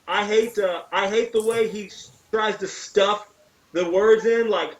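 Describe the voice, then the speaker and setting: A man's voice: high voice, fairly even intonation, measured pace, far from the mic, low-quality recording. A man guest chatting casually on a video call, emphatic and opinionated, swearing freely. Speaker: interview guest.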